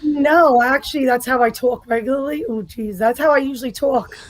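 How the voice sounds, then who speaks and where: A woman from the New York area, a guest on a podcast, talking in a blunt, profane and forceful way. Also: high-pitched, a little fast, dry recording, low-quality recording. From United States. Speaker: guest, political ranter. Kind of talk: casual podcast chat.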